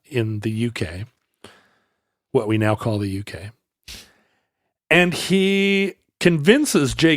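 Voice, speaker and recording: A man's voice: mid-range voice, no echo, clean studio sound. A man co-hosting a podcast, telling a history story in casual chat, rambling and correcting himself, laughing easily.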